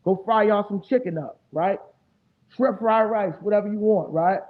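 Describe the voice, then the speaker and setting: A man hosting a casual fan stream, talking fast and loose with a lot of profane, animated trash talk. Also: sits high. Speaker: fan show host. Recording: tinny phone-like audio.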